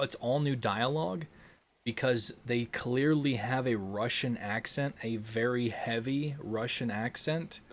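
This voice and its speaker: A man's voice: mid-range voice, slight background noise. A young man hosting a gaming livestream, chatting casually and answering super chats with lots of ums and restarts. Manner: relaxed, rambling, frequent ums and restarts.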